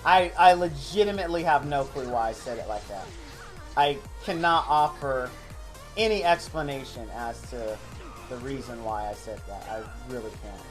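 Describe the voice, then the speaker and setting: A man live-streaming a game, rambling excitably and thanking viewers in chat by name. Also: medium pitch, moderate pace. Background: faint game music.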